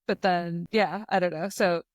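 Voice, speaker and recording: A young woman hosts a podcast and tells stories in an animated way, acting out the quotes as she goes. Her voice sits a little low for a woman. The recording is close and dry, with a relaxed, chatty flow. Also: unhurried, dry recording. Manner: animated storyteller, acts out quotes. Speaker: podcast host. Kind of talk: casual chat.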